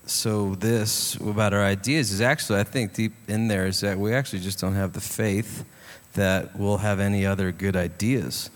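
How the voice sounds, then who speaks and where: A man reflects earnestly on a conference panel, working through his idea slowly. His voice sits low. The sound carries a long hall reverb. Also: fairly even intonation. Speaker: songwriting panelist.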